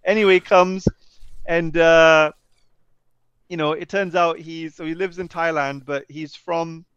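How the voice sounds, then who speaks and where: A man guesting on a video call, telling a story in a casual, animated way and putting on voices for the people he quotes. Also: fairly high pitch, a little slow, clear, resonant tone, no room sound, highs cut off. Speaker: interview guest.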